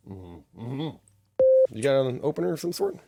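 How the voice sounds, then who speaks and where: A man's voice: medium pitch, huge pitch swings, quick pace, creaky, mellow, slight background noise. A man co-hosting a podcast, telling a story in casual chat and swearing freely. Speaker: podcast co-host.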